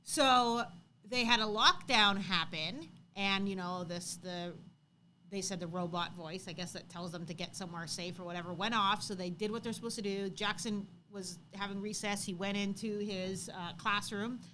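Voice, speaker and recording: A woman in her thirties co-hosting a livestream, chatting casually and telling an animated story, acting out quotes loudly. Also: medium pitch, moderate pace, slight background noise. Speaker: co-host.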